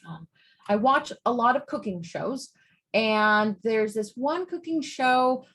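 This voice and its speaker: A woman's voice: on the high side, expressive, slow pace, a bit bright. A woman psychiatrist giving a grand rounds lecture to medical trainees. She speaks in an emphatic, conversational way and often drops in casual "like" asides. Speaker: psychiatrist and residency training director.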